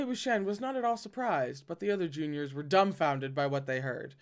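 A man's voice: on the high side, animated, fairly quick, hardly any pauses. A man reading a novel aloud and breaking off to react in a dramatic, swearing manner. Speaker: audiobook reader and reactor.

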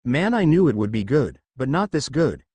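Prankster teen ninja boy, teasing and cocky, voiced by a male narrator, lively pitch. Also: normal speed, slightly rough, no echo. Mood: cheeky.

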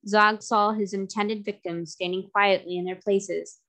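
A woman narrating a classic children's novel aloud, in a steady storytelling manner. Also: medium pitch, unhurried.

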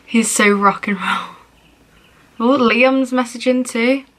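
A woman's voice: a little high, slow, fairly bright tone. A young woman vlogging as she plays a phone game, reading messages aloud in a playful, giggly way.

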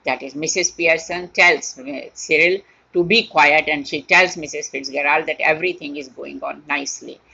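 A woman's voice: deep voice, steady tone, moderate pace, gravelly, bright, forceful tone, slightly rough. A woman teacher explaining a play to her class line by line, repeating and rephrasing as she goes. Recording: dull lo-fi recording.

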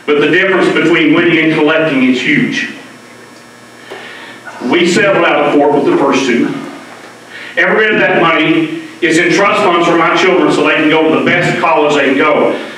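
A man's voice: a little high, moderate pace, long pauses, fairly bright tone, a little hiss or hum. Earnest man in an echoey hall. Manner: emotional, earnest, repeats words when stirred. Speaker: public speaker at a debate. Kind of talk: impassioned public address. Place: public library meeting room. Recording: very echoey hall, mic far off.

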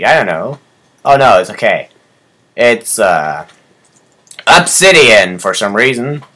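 A young man doing excitable gameplay commentary, swearing and yelping at surprises. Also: mid-range voice. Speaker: let's player.

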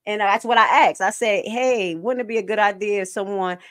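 A woman nurse giving casual, animated commentary on clips as a stream host. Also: mid-range voice, normal speed. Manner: animated, jumps to loud bursts.

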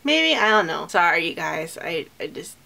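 A woman's voice: fairly low pitch, sing-song, normal speed, vocal fry, pushed and bright. A young woman talking casually to camera in a reaction vlog, chatty and emotional, often trailing off and restarting. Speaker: vlogger reacting to a film trailer.

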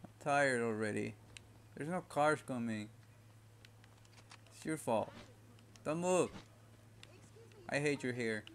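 A man's voice: mid-range voice, slow, long pauses, slight background noise. A man giving casual, profane commentary while playing a video game, full of frustrated outbursts and laughter. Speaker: gamer.

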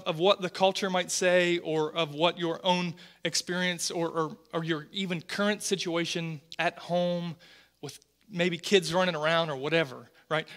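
A man in his forties, a pastor preaching a sermon, earnest and animated, often repeating words as he tells stories. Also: high-pitched.

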